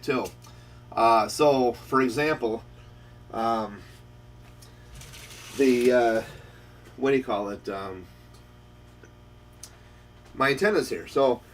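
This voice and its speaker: Male shop host, mid-pitched, husky tone, rambling storyteller, recorded a step back from the mic. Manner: rambling, storytelling with quoted dialogue. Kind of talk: casual chat about ham radio. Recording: voice picked up from a distance.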